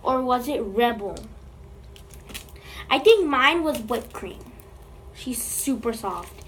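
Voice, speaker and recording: High-voiced woman playfully talking to slime. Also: lively intonation, slow, a little hiss or hum. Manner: playful, chatting to the slime as if it were alive. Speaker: slime video creator. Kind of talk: casual slime-making vlog. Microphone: phone.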